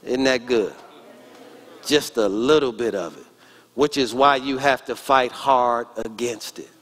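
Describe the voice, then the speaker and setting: A man's voice: medium pitch, unhurried, a bit bright. A pastor in his forties preaching a sermon in church, emphatic and calling out to the congregation. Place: church sanctuary.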